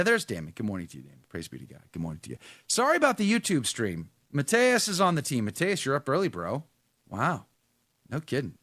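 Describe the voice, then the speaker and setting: A man's voice: medium pitch, fairly bright tone, no echo, clean studio sound. A male host chatting casually on a livestream, greeting viewers with chatty, wry sarcasm.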